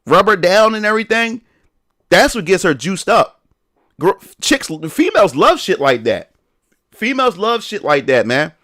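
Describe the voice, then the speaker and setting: A man's voice: high voice, very animated, normal speed, fairly bright tone. Rambling, slangy young man streaming. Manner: rambling, slangy, full of restarts and fillers. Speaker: live streamer. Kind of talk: casual livestream chat.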